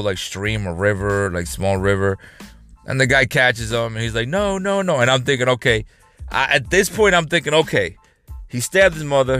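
A man's voice: medium pitch, fairly bright tone, clean tone. Rambling, cursing man vlogging from his car. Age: adult. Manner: rambling, profane, laughing rant. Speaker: vlogger host. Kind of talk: casual vlog chat. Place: parked car in a work parking lot.

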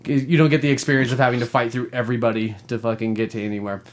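Man, podcast co-host, casual gaming chat, laughs a lot, swears freely, animated, mid-pitched voice. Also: racing. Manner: profane, laughing, animated storytelling.

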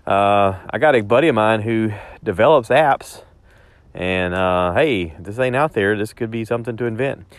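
A man's voice: on the low side, moderate pace, no room sound. A man telling a rambling story in a casual spoken diary, correcting himself as he goes and talking into a phone. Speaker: vlogger.

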